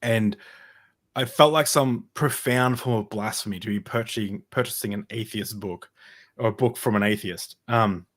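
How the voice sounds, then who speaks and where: Rambling man telling his story, low voice. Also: fairly bright tone. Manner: rambling, halting, with many fillers and restarts. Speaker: podcast guest. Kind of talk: casual personal storytelling in an interview.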